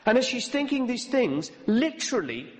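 A man preaching a sermon, telling a story in an animated way and acting out the voices of the people in it. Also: very high-pitched, moderate pace. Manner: animated, acts out quoted voices. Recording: long hall reverb.

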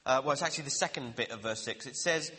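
A man preaching a sermon, earnest and questioning, slowing down to stress key words. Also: mid-range voice, pushed and bright. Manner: earnest, questioning, slows down for emphasis. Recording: reverberant hall.

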